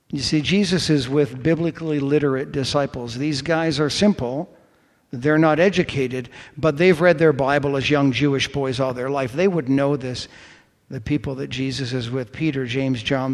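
A middle-aged man preaching in a church sanctuary, his mid-pitched voice ringing out with a long hall reverb. He speaks slowly and deliberately, leaning on key words with dramatic pauses. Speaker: pastor. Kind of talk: sermon.

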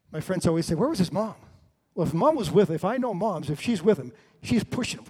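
A middle-aged man delivers a sermon in a voice a little higher than most men's. He tells the story with animation, rising and falling between loud and hushed moments. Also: very animated, fairly quick, hardly any pauses, slightly rough. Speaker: preacher.

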